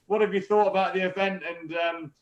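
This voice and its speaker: A keen man hosts a live-streamed workout with a fairly high voice, full of praise and tripping over his own restarts. His voice rings in an echoey room. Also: fairly even intonation, brisk, dull audio. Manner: enthusiastic, stumbles over restarts. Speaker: host of a live online fitness event. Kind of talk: upbeat live-stream hosting.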